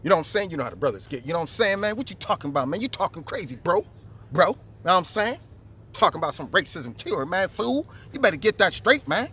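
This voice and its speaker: A man voicing a brash, skeptical young man who mumbles in low slang. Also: big pitch swings, fast talker, bright, forceful tone, slightly rough, heavily acted. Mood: scoffing.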